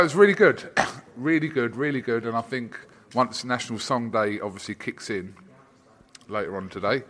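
A man's voice: fairly low pitch, a bit bright. A man interviewing a fighter in a casual, jokey way with lots of fillers. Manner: jokey, teasing, filler-heavy.

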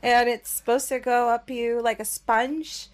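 High-voiced, crude, teasing young woman. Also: little pitch movement, measured pace. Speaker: podcast host. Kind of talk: casual chat.

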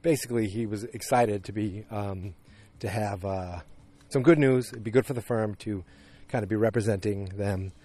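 A man's voice: on the low side, moderate pace, hardly any pauses, mellow. A man casually recapping a TV episode, rambling with lots of fillers and restarts. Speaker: show recapper. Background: dogs barking.

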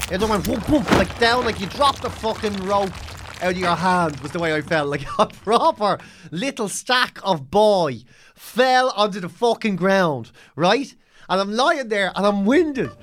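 A man, a comedian and podcast host, telling a funny story with lots of swearing and loud re-enacted shouts. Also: sits high. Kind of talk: comic storytelling.

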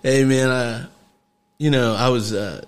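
A man hosting a casual podcast from a garage, easygoing and quick to laugh, with lots of fillers. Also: medium pitch, fairly even intonation, clean tone. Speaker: podcast host. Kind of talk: casual chat.

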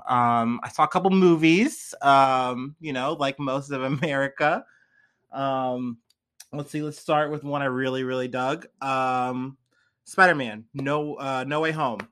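A young man, a little drunk and high, talking in a loose, rambling vlog monologue full of fillers and slang. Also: fairly even intonation, measured pace, a bit bright, smooth. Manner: laid-back, heavy on fillers and slang. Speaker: vlogger.

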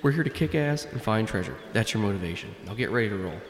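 A man voicing a gruff, dismissive old grandfather who booms down from the sky in a tabletop game. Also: lively intonation, fast, roomy sound, big-room sound, faint music behind, natural voice. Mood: bossy. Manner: bossy, dismissive.

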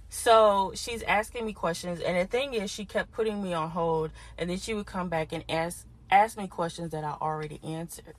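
A woman with a fairly low voice tells a long story on her podcast. She is animated and exasperated, and she turns aside to talk to her listeners as she goes. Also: unhurried, no room sound. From Houston. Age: adult parent. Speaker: podcast host. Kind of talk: casual storytelling monologue.

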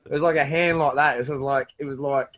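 A man's voice: on the high side, quick pace, crowd noise. A young Australian man telling crude stories in a casual podcast chat, swearing often and laughing as he goes. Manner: crude, laughing, animated storyteller. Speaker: podcast guest.

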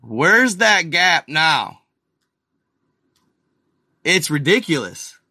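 Excitable man narrating to viewers. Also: fairly high pitch, drawn-out words, dry recording, studio quality. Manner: addresses viewers as y'all, excited and incredulous. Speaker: video host. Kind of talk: casual screen-share commentary.

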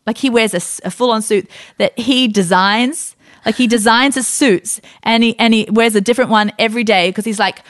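A woman podcast host telling a story in a casual, animated way, with lots of fillers and restarts. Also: fairly high pitch, brisk, no echo, studio quality.

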